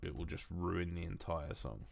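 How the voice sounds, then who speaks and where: A man's voice: low voice, moderate pace, creaky. A man chatting casually on a live stream while drinking whiskey, rambling, swearing and mocking himself.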